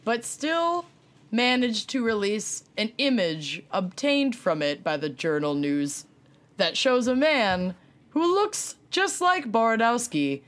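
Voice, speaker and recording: A woman's voice: fairly high pitch, slow. A woman co-hosting a casual true-crime podcast, reading from her notes and laughing as she tells the story. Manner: animated storyteller, laughs while reading quotes. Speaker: podcast co-host.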